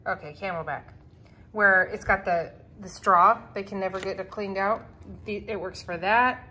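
A woman's voice: mid-range voice, fairly even intonation, normal speed, sharp tone, a little hiss or hum. A woman vlogging at home in her kitchen, chatting casually and rambling with lots of fillers as she cleans. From California, USA.

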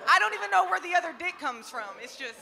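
A young woman from New Jersey doing a stand-up comedy set, brash and loud with lots of swearing, often laughing at her own jokes. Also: extremely high pitch, lively intonation, fast talker, vocal fry, in a large hall, crowd noise, noisy background. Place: comedy club stage.

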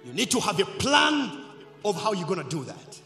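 Preacher guy, high and animated, call and response, echoey church hall with faint music. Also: normal speed. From Zambia. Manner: call-and-response preaching, swings between shouting and quiet asides. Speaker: pastor. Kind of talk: sermon.

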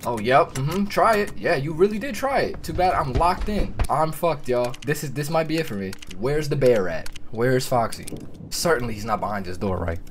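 A young man streaming a game, trading profane jokes with his viewers in a lively, swooping voice that keeps jumping into panicked screams. Keyboard clicks and typing sit audibly under his voice in a noisy recording. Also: mid-range voice, moderate pace. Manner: joking, profane banter with viewers; breaks into loud panicked screams. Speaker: gaming streamer. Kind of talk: let's play commentary.

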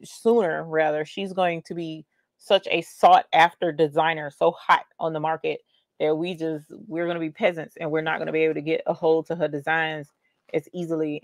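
A woman's voice: lowish voice, creaky, no room sound. A woman, chatting playfully as a craft livestream host. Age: 40s. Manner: playful, chatty, exclaims "yas, honey". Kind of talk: casual livestream giveaway chat.

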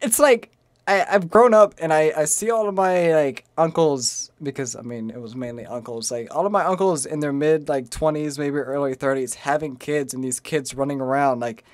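A young man with a slight southern accent, rambling casually in a gaming vlog, often stopping himself mid-sentence and now and then breaking into shrill, panicked yelps. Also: no echo. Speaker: streamer.

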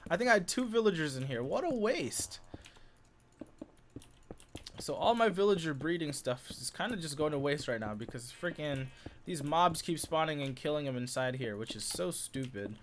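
A man's voice: medium pitch, fairly bright tone. A young man giving casual, rambling commentary while playing Minecraft, getting easily frustrated and yelping at mishaps. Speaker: gaming YouTuber. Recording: faint background noise and keyboard clicks.

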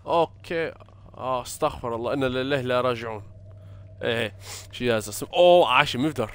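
A young man talks through a horror game in a middle-pitched voice. He swears, mutters prayers under his breath and reacts nervously to every noise. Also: fairly quick, clear, resonant tone. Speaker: gaming streamer.

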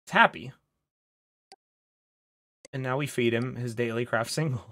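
A man streaming a game, talking casually to his chat and to a friend, excitable and profane, swinging from loud outbursts to low mutters. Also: measured pace, pauses often. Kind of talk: casual gaming commentary. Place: home streaming setup with green screen.

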